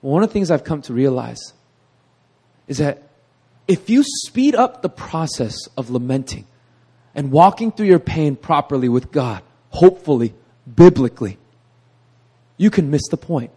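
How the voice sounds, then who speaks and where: Upbeat middle-aged guy preaching, keeps saying right?, laughs at his own jokes, kinda high pitched. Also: moderate pace, long pauses, slightly rough. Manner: energetic, frequent "right?" asides, laughs at himself. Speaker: pastor. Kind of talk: sermon.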